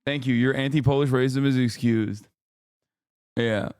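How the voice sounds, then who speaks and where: A man's voice: mid-range voice, steady tone, moderate pace, a little mellow, clean tone, dry recording, studio quality. A man streaming from home, chatting casually with his viewers in a brash, profane way and laughing often. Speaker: streamer reacting to a video. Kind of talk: casual live-stream chat.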